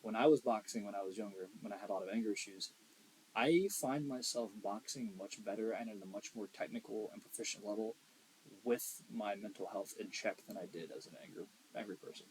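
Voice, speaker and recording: A young man co-hosting a podcast in casual chat, blunt and profane, swinging between loud emphasis and quiet asides. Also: fairly low pitch, a little fast, a little hiss or hum, poor audio. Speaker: podcast co-host.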